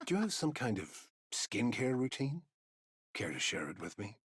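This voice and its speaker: Wry aging commander. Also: male voice, mid-range voice, big pitch swings, normal speed, fairly bright tone, slightly rough, no room sound, heavily acted. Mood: teasing. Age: older. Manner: dry teasing banter. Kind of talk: game voice acting.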